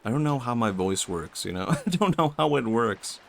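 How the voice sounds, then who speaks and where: A young man with a Swedish accent and vocal fry, chatting softly and musing aloud while streaming a game. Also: mid-range voice, animated, moderate pace. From Sweden. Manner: soft-spoken, musing, talks to chat. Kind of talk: casual game-stream chat.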